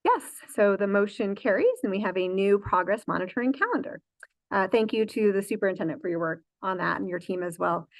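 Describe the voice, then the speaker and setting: A woman's voice: mid-range voice, a little fast, no echo. A woman presiding over a public school board meeting, running motions and votes with frequent fillers and self-corrections.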